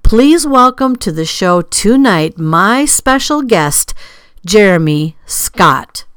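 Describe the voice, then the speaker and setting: A woman hosting and producing a podcast, introducing her guest with bright, upbeat welcomes and drawn-out name announcements. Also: medium pitch, very animated, clean tone, no room sound, studio quality.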